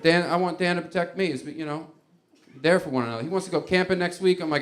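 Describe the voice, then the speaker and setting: A man's voice: a little high, fast talker, fairly bright tone. Rambling stand-up comedian, man. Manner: rambling, conversational, laughing at his own bits. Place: comedy club stage before a live audience.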